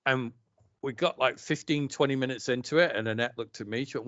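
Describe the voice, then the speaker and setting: A man's voice: medium pitch, brisk, a bit bright, no echo. A man co-hosting a casual movie podcast, telling anecdotes in an easygoing way and laughing at his own stories. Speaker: podcast co-host. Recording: dull lo-fi dry sound.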